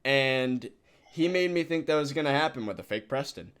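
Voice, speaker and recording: A man's voice: mid-range voice, lively intonation, normal speed, a bit bright, clean tone. A young man hosting a voice chat, talking casually with frequent laughs and loose restarts.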